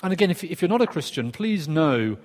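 Preacher in a reverberant hall. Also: male voice, fairly high pitch, very animated, a little mellow. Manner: conversational, earnest, with restarts and quick asides. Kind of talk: sermon. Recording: long reverb of a church hall.

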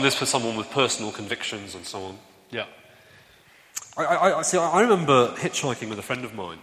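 A man's voice: on the low side, bright, forceful tone. Guy giving a chatty sermon, tells stories, asks the room stuff, big hall echo. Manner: conversational, anecdotal, asks the room questions. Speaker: preacher. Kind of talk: sermon with audience interaction. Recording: long hall reverb.

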